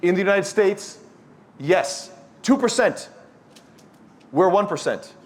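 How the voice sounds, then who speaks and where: A man preaches to a youth study circle in a blunt, scolding tone. He keeps throwing questions at the audience and pushing them for answers. His voice sits a little higher than most men's. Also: animated, slow pace. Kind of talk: lecture-style sermon to a live audience.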